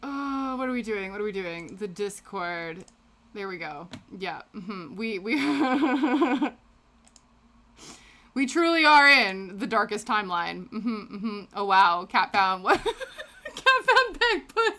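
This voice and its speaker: Bright, chatty British woman streamer. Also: medium pitch, slow. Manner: chatty, reacts aloud to chat with frequent laughter. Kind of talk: casual livestream chat. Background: faint background music.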